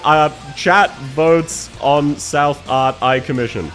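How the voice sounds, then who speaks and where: A man's voice: fairly high pitch, takes it slowly, hardly any pauses, fairly bright tone, faint music behind. A young man chatting on a live stream, laughing often and thanking his viewers. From Australia. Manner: emotional, laughing between words, thanking chat. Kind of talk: casual live-stream chat.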